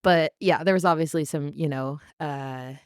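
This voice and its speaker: A woman's voice: deep voice, normal speed, clear, resonant tone, dry recording, studio quality. A young woman co-hosting a book podcast in casual chat, laughing often and acting out characters' lines. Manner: giggly, acts out characters in quoted voices. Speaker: podcast co-host.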